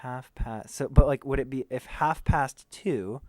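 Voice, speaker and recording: An American man, a tour manager, chatting in an interview in an animated, joking way. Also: mid-range voice, unhurried, dry recording. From United States. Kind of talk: casual interview chat.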